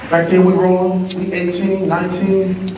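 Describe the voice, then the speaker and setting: A middle-aged man with a high voice works a school assembly, full of slang and call-and-response to the crowd. His voice rings through a huge reverberant hall. He is picked up from a distance, with steady background noise. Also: normal speed. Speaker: motivational speaker. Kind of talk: school assembly motivational speech. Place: large echoey school auditorium. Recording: very echoey hall, distant mic, noisy.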